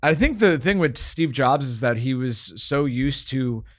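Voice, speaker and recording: A man's voice: mid-range voice, lively intonation, a little slow. Rambling male podcast host. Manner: rambling, self-interrupting, joking. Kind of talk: casual chat.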